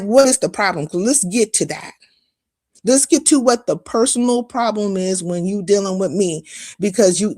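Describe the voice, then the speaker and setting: A woman's voice: medium pitch, no echo, studio quality. A woman hosting a live stream, delivering a heated, profane, confrontational rant full of mocking asides.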